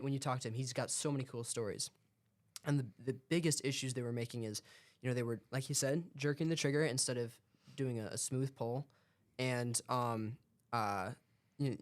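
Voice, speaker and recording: A man's voice: medium pitch, normal speed. A young man, a cadet co-hosting a podcast, who talks things through in a thoughtful way and uses plenty of fillers. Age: young adult. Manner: thoughtful, explaining with frequent fillers. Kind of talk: casual podcast chat.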